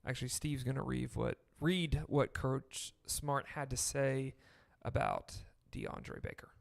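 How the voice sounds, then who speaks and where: A man co-hosting a casual sports podcast, talking in a slow, rambling way with fillers. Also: mid-range voice, fairly even intonation, gravelly. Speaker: podcast co-host.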